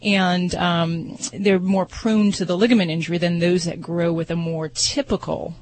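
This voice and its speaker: A woman's voice: fairly low pitch, flat delivery, moderate pace, a little mellow. A woman veterinarian answering listener questions on a call-in radio show, explaining at length with frequent ums. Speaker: veterinarian guest.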